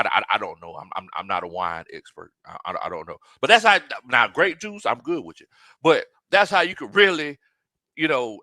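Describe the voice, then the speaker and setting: A man hosts a live football stream, rambling and repeating himself as he reads out viewer comments. His voice is bright and forward, a little stuffy from a sinus infection, and the sound is dry and close. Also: mid-range voice, dry recording. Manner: rambling, repeats words, reads chat aloud. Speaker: sports live stream host.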